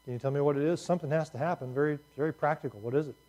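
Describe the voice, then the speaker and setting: Man lecturing a class, dark voice. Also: fairly high pitch, racing, muffled recording. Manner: conversational, restarts and asides to students. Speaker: teacher.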